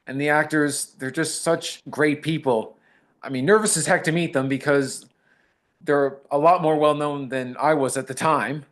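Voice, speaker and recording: A man's voice: medium pitch, fairly even intonation, moderate pace. A man, an actor, talking modestly in a casual interview and retelling fan encounters with quoted dialogue. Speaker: actor guest.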